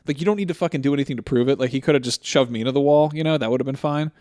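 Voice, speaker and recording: A man's voice: medium pitch, racing. A man in his thirties, co-hosting a podcast, telling a story in casual chat with lots of swearing. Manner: profane, animated storyteller. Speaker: podcast co-host.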